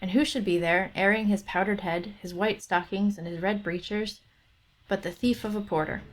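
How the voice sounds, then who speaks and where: A woman narrating a fairy tale aloud on a book club stream in a steady storytelling manner. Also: mid-range voice, normal speed.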